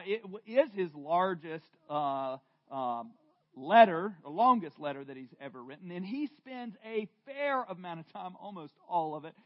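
A male pastor with a fairly high voice delivers a sermon slowly and earnestly, pausing and restarting as he goes. He speaks to a room of listeners. The recording is dull and lo-fi. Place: church room with congregation.

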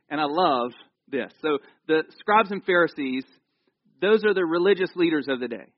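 A man with a high voice preaches in a relaxed, storytelling way, full of jokey asides. The sound is dry and a little dull, as if from a modest recording. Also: a little slow, long pauses, no room sound. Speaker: pastor. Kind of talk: conversational sermon. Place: church.

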